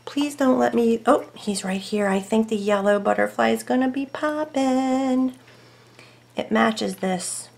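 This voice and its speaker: A woman hosting a casual crafting tutorial at home, chatting to herself and her dogs as she works and thinking aloud over each choice, sometimes dropping to soft murmurs. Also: fairly high pitch, slow pace, creaky.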